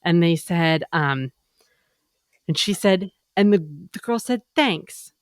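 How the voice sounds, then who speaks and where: A woman co-hosting a casual podcast chat, animated and chatty as she tells her stories. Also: lowish voice, slow pace, no room sound, studio quality. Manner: chatty and animated, slipping into quoted voices. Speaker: podcast co-host.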